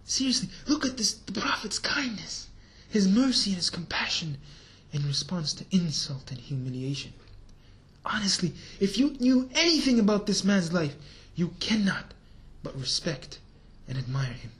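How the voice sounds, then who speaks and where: A man telling a religious story as a sermon, animated and speaking straight to his listeners, sometimes dropping to a whisper. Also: high voice, moderate pace. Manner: addresses listeners directly. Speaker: preacher.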